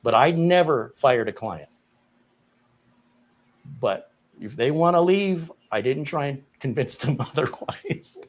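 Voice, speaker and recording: A man, co-host of a live tech stream, telling a client story in a casual, animated and incredulous way. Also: mid-range voice, slow. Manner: animated, incredulous retelling with laughs.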